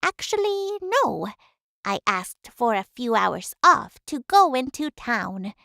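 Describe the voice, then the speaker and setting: A woman's voice: on the high side, sing-song, slow, creaky, a bit bright, no room sound, studio quality, full character voice. A woman voicing a humble, talkative housekeeper in a game, speaking reflectively about her life. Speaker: housekeeper of a manor. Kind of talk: game voice acting.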